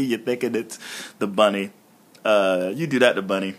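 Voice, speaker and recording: A man hosting a solo review podcast, talking casually and with a lot of profanity, excitable and laughing often as he retells scenes. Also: mid-range voice, measured pace, long pauses. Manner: profane, excitable, swings between mumbling and loud outbursts. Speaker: podcast host reviewing wrestling shows.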